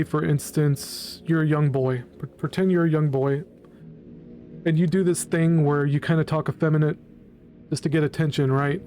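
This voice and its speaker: Rambling blunt guy ranting on his channel, kinda high for a dude, mellow, lots of ums and swearing, faint music behind. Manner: rambling, blunt and profane, hedging with ums and "right?". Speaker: commentary channel host. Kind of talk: casual reaction commentary.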